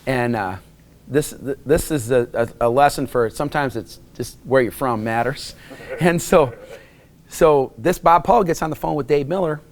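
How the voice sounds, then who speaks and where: A man's voice: medium pitch, moderate pace, slight background noise. A middle-aged man from Wisconsin, telling a rambling personal story in a casual interview, with many restarts. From Wisconsin, USA. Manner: rambling anecdotes with frequent restarts and acted quotes.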